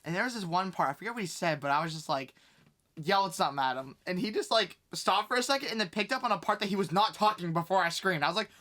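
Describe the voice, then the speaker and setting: Bright, fast, excitable young man. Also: sits high. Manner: rambling, excitable, full of fillers and laughs. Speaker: podcast host, wrestling fan. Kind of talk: casual chat.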